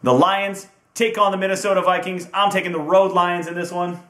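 In an echoey room, the host of a sports picks video chats casually through his football predictions, cheerful and teasing as he elongates team names. His voice sits high with fairly even intonation, a little fast and a bit bright.

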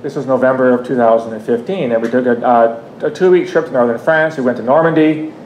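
A man's voice: fast talker, darkish tone, muffled recording. A Canadian man in his fifties giving a public talk, telling a personal story in a conversational way with frequent restarts and asides. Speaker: guest speaker. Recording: echoey room, faint rumble.

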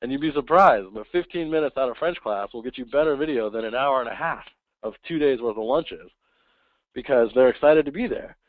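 A man giving a casual webinar talk, acting out quick voices of kids and parents. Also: medium pitch, no echo. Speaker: webinar presenter. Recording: tinny phone-like line, dry.

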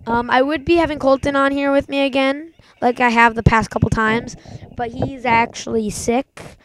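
A young woman hosting a gaming channel, giving casual let's-play commentary and yelping and shouting catchphrases as she plays. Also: high voice, moderate pace. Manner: excitable, yelps and shouts catchphrases.

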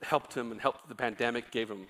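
A middle-aged male pastor preaching a sermon, telling a story quietly, then rising into loud, impassioned exhortation. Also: medium pitch, fairly quick, slight background noise.

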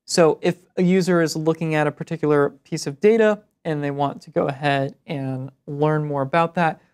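A man co-hosting a web development show, explaining tools in a relaxed way. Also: on the high side, moderate pace, clean tone. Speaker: co-host. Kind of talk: casual tech show chat.

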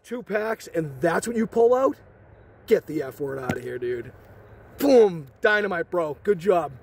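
An excited man hosting a card-opening video, exclaiming and joking in slangy chat, so thrilled he says he is shaking. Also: sits high, a little slow, a little hiss or hum. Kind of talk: excited box-opening vlog.

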